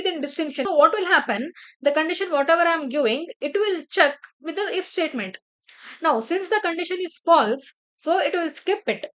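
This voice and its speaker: A woman with a high voice walks through a coding tutorial one step at a time. She talks at a desk mic and keeps checking that her listeners follow along. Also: a bit bright. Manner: explains step by step, often checks with "right?" and "clear?". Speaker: programming teacher. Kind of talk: screen-share coding tutorial.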